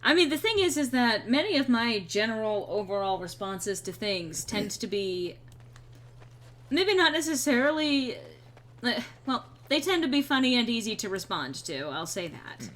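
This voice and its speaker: A woman's voice: fairly high pitch, very animated, moderate pace, a bit bright. A woman streaming a game, chatting casually with playful, rambling asides. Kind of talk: casual gameplay commentary.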